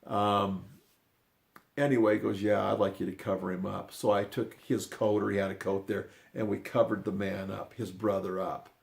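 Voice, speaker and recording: An older man telling a personal story in a rambling, unscripted way, often restarting his sentences and dropping into quiet asides. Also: on the low side, flat delivery, normal speed, gravelly. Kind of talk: casual spoken storytelling.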